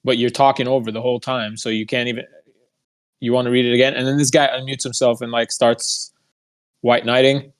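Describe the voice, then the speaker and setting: A man's voice: mid-range voice, level tone, brisk. A young man telling a heated, profane story in a casual monologue, mocking the people he quotes. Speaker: podcast host.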